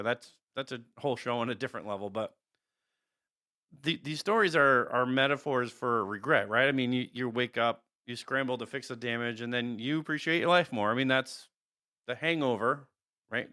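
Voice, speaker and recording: A man with a bright, forceful voice riffing on a podcast at a mid pitch. He cracks sarcastic jokes and swears casually between points. The chat stays loose and conversational. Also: brisk. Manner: joking, sarcastic, swears freely. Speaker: podcast co-host.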